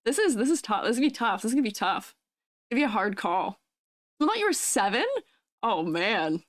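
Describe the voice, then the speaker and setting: A woman's voice: sing-song, fairly quick, no echo. Young woman vtuber, sounds way younger than she is, bubbly and giggly, dry close mic. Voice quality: youthful-sounding high voice. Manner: bubbly, giggly, chats with viewers. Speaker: VTuber streamer. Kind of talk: casual live-stream chat.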